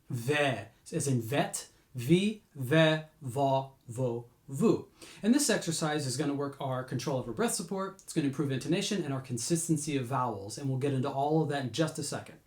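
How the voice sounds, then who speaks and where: A man teaching singing warm-ups, explaining patiently between sung demonstrations. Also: lively intonation, quick pace, hardly any pauses, roomy sound. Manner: explains patiently, breaks into high sung demos. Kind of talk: vocal lesson with sung demonstrations.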